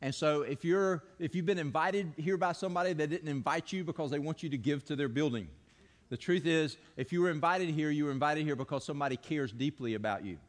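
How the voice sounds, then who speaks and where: A pastor preaches a sermon in a church sanctuary, with a long hall reverb on the recording. His voice is a little high and a little fast as he tells stories earnestly and leads the congregation in call-and-response.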